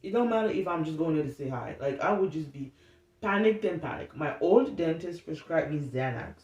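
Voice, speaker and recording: A woman's voice: sits low, expressive, fairly quick, darkish tone, dull audio. A woman talking candidly in an unscripted self-help vlog, rambling and swearing freely. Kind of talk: unscripted casual monologue. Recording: roomy, distant mic, faint noise.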